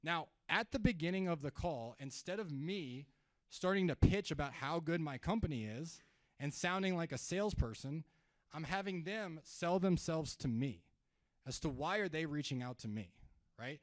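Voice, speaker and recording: Animated male sales trainer, dry close sound. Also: a little high, moderate pace, no echo. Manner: energetic, jokey, acts out calls in contrasting tones. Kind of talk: live seminar talk with role-played calls. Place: event room, speaking to audience.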